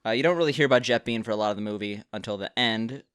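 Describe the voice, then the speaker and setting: A man's voice: fairly low pitch, very fast, fairly bright tone, clean tone, dry recording, clean studio sound. A young man co-hosting a podcast, recapping a movie in casual chat and often repeating words as he starts a sentence. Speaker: podcast co-host.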